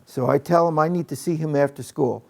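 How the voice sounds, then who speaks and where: A man demonstrating calm, direct classroom discipline to an audience of teachers. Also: on the high side, a little fast, gravelly. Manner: calm and direct, speaks to the room. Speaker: teacher trainer.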